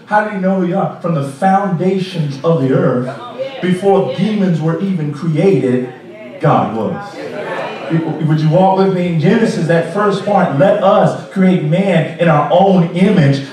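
High-voiced preacher in an echoing sanctuary. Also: male voice, measured pace, darkish tone. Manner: emphatic preaching with repeated rhetorical questions. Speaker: pastor. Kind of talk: sermon. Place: large church sanctuary. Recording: echoey sanctuary from far off.

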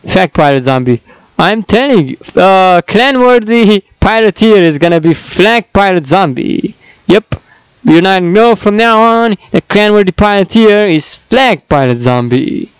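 A man's voice: high voice, expressive, a little slow, smooth, no room sound, low-quality recording. A man casually commenting and joking to himself while reading out fan-made dialogues. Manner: chatty, self-mocking, laughs between lines.

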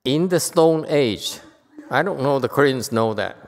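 A woman giving a Buddhist Dharma lecture to a live audience. She is emphatic and playful, swinging from quiet asides to loud outbursts. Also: extremely low pitch, lively intonation, a little slow. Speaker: Buddhist teacher. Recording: echoey hall with long reverb.

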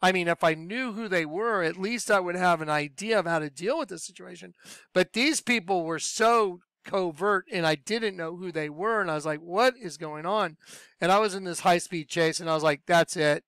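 Guy telling his faith story, high clear voice, really animated, dry close sound. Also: moderate pace, no echo. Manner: animated storyteller, acts out his own past voice. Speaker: speaker sharing a religious testimony. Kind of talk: personal testimony talk.

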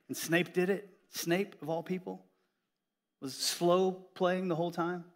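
A middle-aged man, a pastor, preaching a sermon in a church with a lively, joking storytelling manner. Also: a little high.

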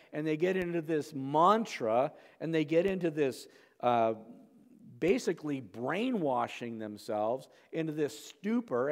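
A man's voice: a little high, a little mellow. A man preaching a verse-by-verse sermon as pastor, talking casually with frequent "okay?" and "right?" asides. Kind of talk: expository sermon. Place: church sanctuary. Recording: long hall reverb.

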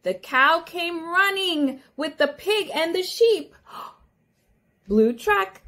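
A woman's voice: very high-pitched, animated, very slow, fairly bright tone. A woman speech therapist reading a picture book aloud to toddlers in a sing-song way with gasps of wonder.

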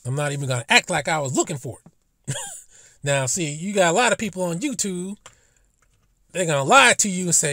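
A man's voice: on the high side, expressive, a little fast, pauses often, sharp tone, no room sound, studio quality. A man giving a casual commentary monologue as a vlogger, profane and emphatic, with indignant rhetorical questions.

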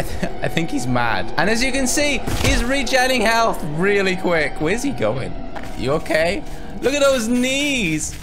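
A man from Wales giving excitable, laughing commentary on a video game as its regular host. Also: sits high. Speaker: gaming YouTuber. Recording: game music behind.

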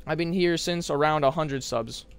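A young man from America streaming a horror game live, shouting bursts of hype and muttering asides to chat. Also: on the high side, moderate pace, gravelly, background noise.

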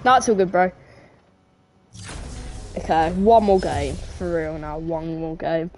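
Excitable woman streaming games. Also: low-pitched, takes it slowly, a little hiss or hum. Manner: excitable, chatty, greets viewers by name. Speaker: game streamer. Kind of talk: live gameplay commentary. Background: background music.

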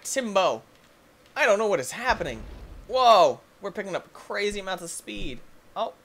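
Excitable young man yelping over a game. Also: sits high, moderate pace, pauses often. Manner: excitable, goofy, bursts into yelps and shouts. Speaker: gaming video host. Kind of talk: let's play commentary.

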